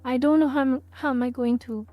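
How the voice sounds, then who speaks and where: A woman's voice: high voice, steady tone, a little fast, dry recording, highs cut off. Woman, livestream host, casual chat, exasperated, repeats herself, faint music behind.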